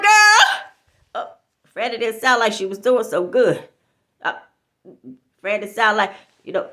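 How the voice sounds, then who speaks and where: High, bright-voiced sassy church lady. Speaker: comedian. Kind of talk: comedic storytelling monologue.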